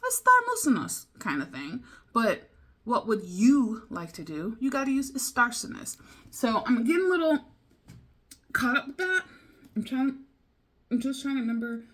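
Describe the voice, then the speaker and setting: A woman talking slowly and casually to camera, puzzling over new words out loud. She repeats phrases to herself and wanders into side chatter, with small laughs along the way. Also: medium pitch. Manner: thinks aloud, repeats foreign phrases and muses to herself; chatty, easily sidetracked, with little laughs. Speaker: language-learning vlogger. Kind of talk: casual study vlog.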